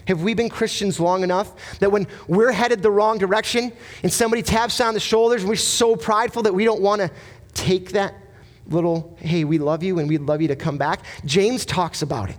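Male pastor, high voice, earnest emphatic sermon delivery, rhetorical questions. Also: normal speed.

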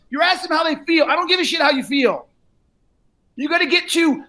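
Loud, profane sales coach yelling. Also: male voice, very animated, moderate pace. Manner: blunt, profane, lecturing; often shouts, then drops low. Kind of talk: live sales coaching role-play.

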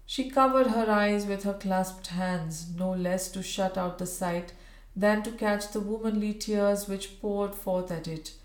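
A woman's voice: medium pitch, measured pace. Woman reading a Victorian story in a roomy space. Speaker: audiobook reader. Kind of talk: storybook narration. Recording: roomy echo.

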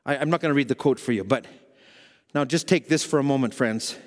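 A man preaching a sermon in church, fervent, dropping to a hush and rising to shouts. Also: medium pitch, fairly quick. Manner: fervent, swings from hushed to shouting. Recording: long hall reverb.

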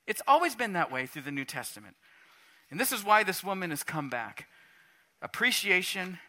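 A middle-aged man preaching a sermon in a church, animated and swinging between quiet talk and shouts. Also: high-pitched. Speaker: pastor. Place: church sanctuary.

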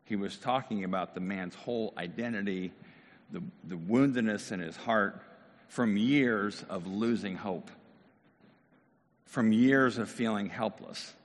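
A man's voice: lowish voice, a little slow. Man preaching in a reverberant hall. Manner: animated, conversational preaching. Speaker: pastor. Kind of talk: sermon.

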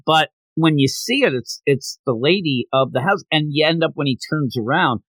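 A man's voice: a little high, moderate pace, no room sound, rough recording. A man hosting a podcast, chatting casually and rambling through a manga chapter recap. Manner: rambling, animated, acts out quoted lines. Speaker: podcast host.

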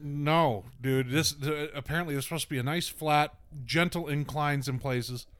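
Smooth-voiced man telling a story. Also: on the high side, moderate pace, no echo. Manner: self-mocking, animated storyteller acting out quotes. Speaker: podcast co-host. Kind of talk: casual storytelling chat.

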